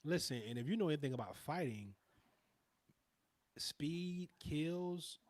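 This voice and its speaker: A man's voice: fairly high pitch, lively intonation, unhurried. A man co-hosting a podcast, talking in a laid-back, slangy way about fighting and family. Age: adult father. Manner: laid-back, slangy, uses extended metaphors. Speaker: podcast co-host. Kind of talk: casual chat.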